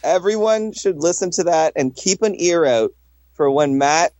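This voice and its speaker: A man's voice: a little high, expressive, normal speed, darkish tone, dry recording, highs cut off. A man co-hosting a podcast in casual chat, rambling and joking, swearing casually. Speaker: podcast co-host.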